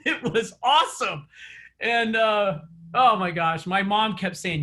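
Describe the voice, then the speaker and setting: Bright high-voiced male coach. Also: takes it slowly, pauses often. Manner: chatty, laughs often, tells stories. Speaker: real estate sales coach. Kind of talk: casual coaching session to a group.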